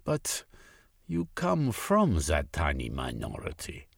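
A man voicing a gruff, skeptical older scholar who questions a visitor in a storybook reading. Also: mid-range voice, big pitch swings, a little slow, darkish tone, no room sound, clean studio sound, pitched above the performer's own voice, full character voice. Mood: suspicious.

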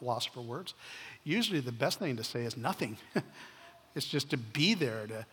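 A male pastor preaching an earnest sermon, slowing down to stress key points and dropping to soft, quiet asides. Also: mid-range voice, animated, slightly rough. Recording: reverberant hall.

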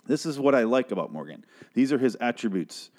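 A man casually recapping a TV episode, swearing freely and acting out characters' lines in quick put-on voices. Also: medium pitch, big pitch swings, darkish tone.

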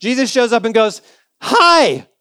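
A man's voice: high voice, moderate pace, clean tone, no room sound. A male pastor preaching a sermon in a conversational, humorous storytelling way.

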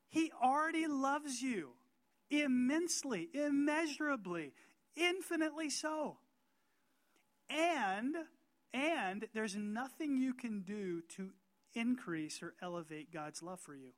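A man's voice: very high voice, expressive. Emphatic male pastor preaching. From North Carolina. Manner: emphatic, asks the congregation rhetorical questions, slows down to stress words. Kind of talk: sermon.

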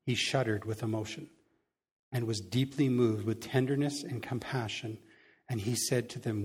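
Reading scripture aloud and adding commentary, this preacher drops in relaxed asides with a chuckle. He has a husky, medium-pitched voice with fairly even intonation, and he talks at a normal speed.

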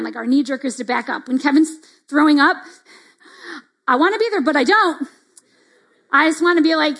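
A middle-aged woman with a high voice leads a devotional teaching talk. She speaks casually, leaning on asides like "like" and "right?". She acts out the little reactions she describes. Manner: conversational, fillers like "like" and "right?". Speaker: church speaker.

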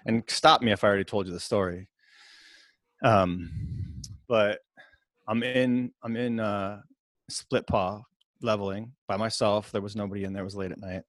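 A man's voice: fairly low pitch, moderate pace, no room sound, clean studio sound. A man hosting a podcast, telling a long rambling game story in casual chat, often restarting his sentences. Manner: rambling, animated, self-interrupting storyteller. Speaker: podcast host.

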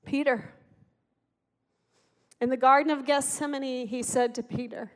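A woman's voice: high-pitched, fairly even intonation, unhurried, long pauses. A middle-aged woman giving an earnest, impassioned sermon testimony. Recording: echoey hall.

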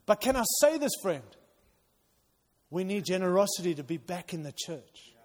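A male pastor preaching a sermon to his church, urging loudly at times and dropping to quiet intensity at others. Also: high voice, big pitch swings, normal speed. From outside the United States. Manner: impassioned, swings between loud urging and quiet intensity. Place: church hall. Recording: long reverb of a large hall.

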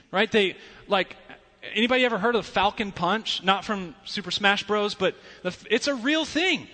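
A man preaching a sermon as pastor, conversational with rhetorical asides, swinging from loud and animated to hushed. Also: sits high. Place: church sanctuary. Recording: long reverb of a large hall.

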